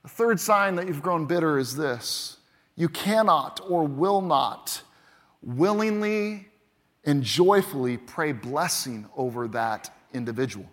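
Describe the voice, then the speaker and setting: A higher-pitched man preaches from the pulpit, leaning hard into key words and then dropping to a hush. His voice rings out through the long reverb of a large church hall. Each point lands with insistent emphasis. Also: expressive, takes it slowly. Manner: emphatic, swings between loud punches and quiet drops. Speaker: pastor. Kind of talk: sermon.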